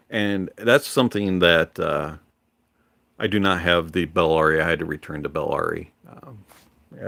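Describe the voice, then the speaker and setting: A man hosting a livestream in a relaxed, rambling manner, pausing often on fillers. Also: sits low, gravelly, dry recording. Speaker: livestream host. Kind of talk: casual livestream chat.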